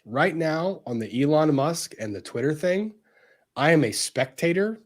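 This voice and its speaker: A man's voice: medium pitch, a little mellow. A man hosting a casual livestream, earnestly thanking viewers as he reads out their super chats.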